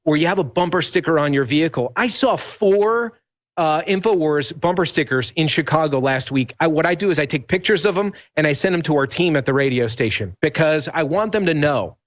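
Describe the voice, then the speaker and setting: A fairly high-voiced man tells stories in a rambling, emphatic way on a talk show. The audio is dull and lo-fi, like a broadcast feed. He keeps restarting sentences as he pushes his point. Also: lively intonation, brisk. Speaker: radio host guest. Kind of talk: animated talk show conversation.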